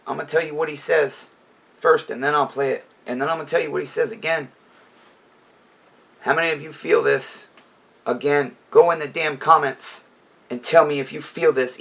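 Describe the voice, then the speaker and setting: Gravelly man ranting in a raw, emotional vlog. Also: fairly high pitch, a bit bright. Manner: raw, rambling, addresses viewers as neighbors. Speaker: YouTuber reacting to a song. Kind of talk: emotional song reaction commentary.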